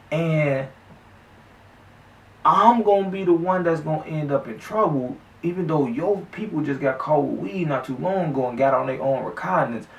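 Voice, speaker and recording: A gravelly male vlogger telling a story off the cuff, slangy and profane, often restarting his sentences. He sits some way back from the mic in an echoey room. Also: on the high side, far from the mic. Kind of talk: casual storytelling.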